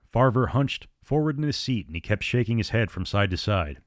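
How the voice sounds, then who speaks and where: Low-voiced man narrating a suspense tale. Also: lively intonation, no echo, clean studio sound. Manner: measured, dramatic. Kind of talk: dramatic audiobook narration.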